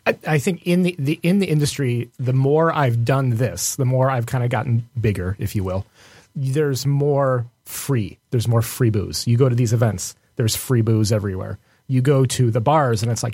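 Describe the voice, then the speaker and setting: Husky-voiced male podcast host. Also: medium pitch, expressive, normal speed, a little mellow, no echo, studio quality. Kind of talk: casual interview talk.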